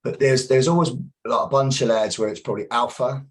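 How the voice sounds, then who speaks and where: A man's voice: mid-range voice, steady tone, fairly quick, low-quality recording. A middle-aged man, a self-protection instructor telling blunt, profane stories as a podcast guest. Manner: blunt, profane, acts out confrontations. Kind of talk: casual interview storytelling.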